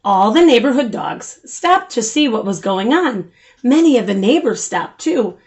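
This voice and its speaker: Slow, lively older woman reading aloud. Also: fairly high pitch. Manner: warm, animated, slow and sing-song. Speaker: storyteller host. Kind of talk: children's story read-aloud.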